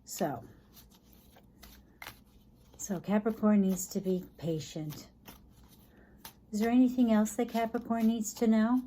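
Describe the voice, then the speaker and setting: A woman giving a casual tarot reading, thinking aloud in a chatty, tired way, sometimes dropping low and soft. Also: fairly even intonation, takes it slowly, pauses often, slight background noise. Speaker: tarot reader.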